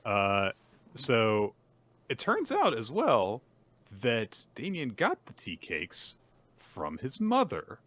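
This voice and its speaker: A man's voice: mid-range voice, huge pitch swings, takes it slowly, a bit bright. A man co-hosting a podcast, casually recapping manga and acting out the characters' lines with laughs. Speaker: podcast co-host.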